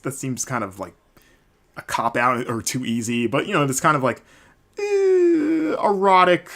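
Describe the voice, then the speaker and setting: A man's voice: mid-range voice, a bit bright. A man hosting a solo wrestling recap podcast, rambling casually with many fillers and restarts. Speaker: podcast host.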